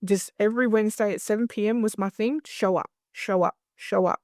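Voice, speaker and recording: A woman guest talking candidly in an interview, blunt and animated, swearing freely as she tells stories. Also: mid-range voice, a little fast, no echo, clean studio sound. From Australia. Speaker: guest, clinical hypnosis director.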